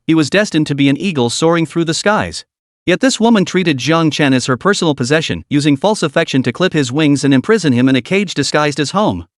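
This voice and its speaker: A man's voice: a little high, dry recording, studio quality. A man giving scripted, dramatic narration of a comic recap. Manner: dramatic storytelling.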